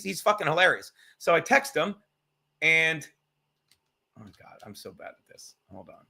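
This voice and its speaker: Telling stories and going through chat on a casual live stream, a man rambles with heavy sarcasm and frequent swearing. His voice is fairly high, pushed, and bright.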